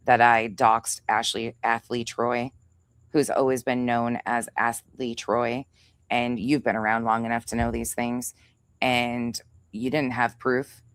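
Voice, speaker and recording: A woman's voice: a bass voice, no room sound. A woman hosting a livestream, ranting angrily and with heavy profanity, calling out another creator and reading chat names aloud. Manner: angry, profane, confrontational. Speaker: livestream host. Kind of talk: heated livestream rant.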